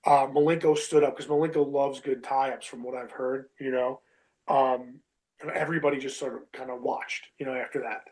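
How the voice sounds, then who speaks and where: A man's voice: mid-range voice, level tone, moderate pace, a little mellow, poor audio. A man in his thirties, a wrestler telling a long story in a casual interview, full of fillers like "you know what I mean" and "bro".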